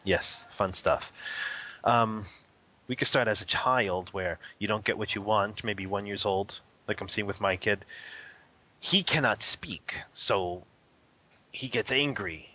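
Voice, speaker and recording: A man who is a spiritual teacher answers questions as a guest in a casual interview, speaking slowly in a lowish, bright, forceful voice. He's animated, laughs often, and imitates a toddler's cries. The recording sounds slightly dull and lo-fi.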